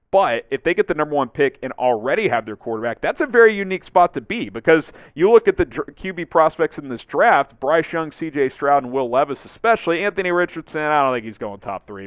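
A man hosting a sports news channel, giving casual commentary to the camera in an animated, excitable way with frequent fillers. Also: fairly high pitch, smooth, no room sound.

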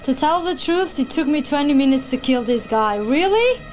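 A woman streamer reacting to a video game as she plays, excitable, gasping and yelling at the action. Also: high voice, normal speed. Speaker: gaming streamer. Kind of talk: let's play reaction. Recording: loud game music behind.

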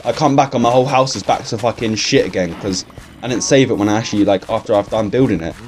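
A man's voice: on the low side, quick pace, a little mellow. A young man, talking through a game in a casual, swear-filled, grumbling ramble. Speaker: gaming YouTuber. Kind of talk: casual let's-play commentary.

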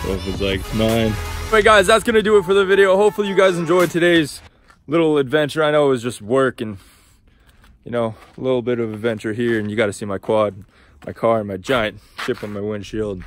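A man vlogging in a casual, excitable way, chatting to his viewers and to his dogs, with the odd curse thrown in. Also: mid-range voice, fairly quick, faint music behind. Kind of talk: casual vlog talk to camera.

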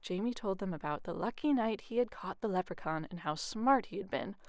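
Lady reading a bedtime story, soft and expressive, dry close sound. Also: medium pitch, fairly quick, no room sound. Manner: expressive, often hushed narration. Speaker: youth ministry coordinator.

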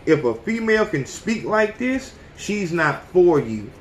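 A man's voice: high voice, very animated, a little slow, reverberant, a little hiss or hum. A man in his thirties hosting a podcast, talking bluntly and profanely in a casual, preachy monologue. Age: 30s. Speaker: podcast host.

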